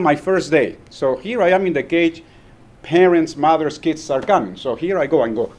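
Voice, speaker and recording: A man's voice: fairly high pitch, darkish tone. A man giving a humorous speech at a club meeting. He tells his story with animation, laughs often and acts it out. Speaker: club speaker.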